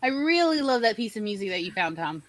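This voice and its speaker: A woman hosting a casual live-stream chat, bubbly and exclamatory and quick to laugh. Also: mid-range voice, sing-song, slight background noise. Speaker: podcast host.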